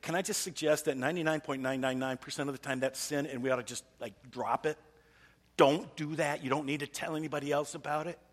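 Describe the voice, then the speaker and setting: A man's voice: a little high, fairly even intonation, fast. A man preaching a conversational sermon as pastor, putting rhetorical questions to the congregation. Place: church service. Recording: long reverb of a large hall.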